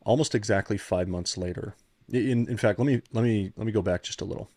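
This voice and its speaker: A man's voice: lowish voice, a little fast, a little mellow, no room sound, clean studio sound. A man in his thirties, a podcast guest, telling a personal story in an earnest, reflective way with frequent restarts. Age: 30s. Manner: earnest, reflective, restarts often when moved. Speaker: podcast guest, founder turned CEO coach.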